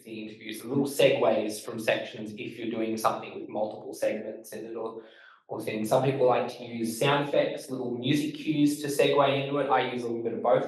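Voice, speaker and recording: An Australian man gives a loose, quick instructional talk, leaning on key words and stumbling through fillers. He stands back from the mic, and the room rings with heavy echo. His pitch sits in an ordinary middle range. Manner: fast-talking, emphatic, loose with fillers. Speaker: podcast host giving a talk. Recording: echoey room, voice from far off.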